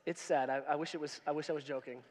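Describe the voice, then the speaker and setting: A man's voice: on the high side, fairly even intonation, rapid-fire, a little hiss or hum. A man preaching a sermon to his congregation in a casual, joking way, quizzing them and reading scripture. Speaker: pastor. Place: church hall. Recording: long reverb in a church hall.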